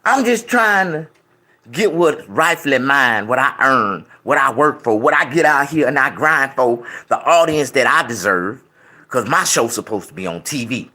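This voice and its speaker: A man in his fifties talking loudly and casually to his viewers while eating, rambling and preaching between bites and humming over his food. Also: medium pitch, lively intonation, normal speed. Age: 50s. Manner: loud, preachy, with rambling riffs; chews and hums with food in his mouth. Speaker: YouTube vlogger.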